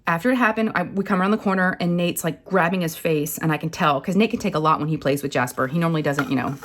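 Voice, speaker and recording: A woman tells a long story to camera in a casual, rambling way. Her voice sits a little low. She drifts into quick acted quotes as she goes. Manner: chatty, rambling, animated retelling with acted quotes. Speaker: craft channel host.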